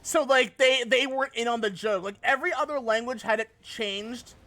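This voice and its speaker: Very high, bright-voiced excitable male streamer. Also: normal speed. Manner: excitable, laughs often, swears freely. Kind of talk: casual live-stream chat while gaming.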